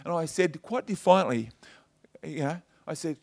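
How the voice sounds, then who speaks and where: Middle-aged man, high voice, casual pastor giving a story-driven sermon; chatty, keeps checking in with listeners. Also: animated, moderate pace, gravelly, a little mellow. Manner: chatty and personal, tags points with "okay?" and "you know". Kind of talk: conversational sermon.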